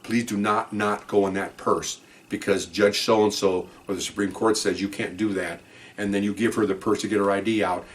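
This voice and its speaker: A man voicing a calm, earnest male judge who speaks quietly and slowly, in a measured, deliberate way. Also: lowish voice, natural voice.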